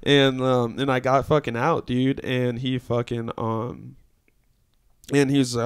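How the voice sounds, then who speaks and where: A young man with a smooth, clear voice at an ordinary middle pitch. He hosts a podcast and tells a story in a loose, casual way. He swears freely and keeps saying "dude". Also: flat delivery, moderate pace. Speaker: podcast host.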